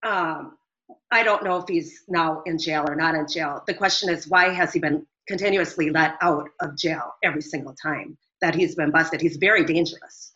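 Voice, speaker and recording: Bright-voiced woman telling a story earnestly. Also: low voice, normal speed. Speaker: business owner caller. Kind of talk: phone-in interview. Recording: dull lo-fi audio.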